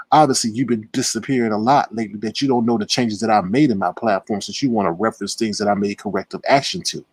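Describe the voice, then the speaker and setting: Husky guy going off on his stream, mad and defensive, super dry mic. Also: no echo. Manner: confrontational, indignant, swings between loud outbursts and low muttering. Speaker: live-stream commentator. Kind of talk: heated live-stream rant.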